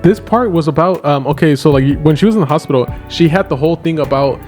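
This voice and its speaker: Fast-talking profane man recapping a movie. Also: fairly high pitch, a little mellow, faint music behind. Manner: rambling, profane, restarts often. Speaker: podcast co-host. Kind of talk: casual movie recap chat.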